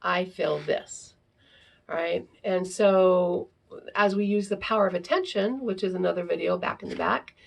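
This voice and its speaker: A woman's voice: mid-range voice, normal speed, gravelly. A woman teaching parents in a casual talk, often ending sentences with the question "right?". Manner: acts out example phrases to children.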